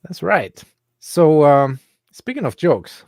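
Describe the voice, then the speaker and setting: A man hosting a casual livestream chat who laughs often and gives shout-outs to viewers. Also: fairly high pitch, sing-song, slow, gravelly. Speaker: host.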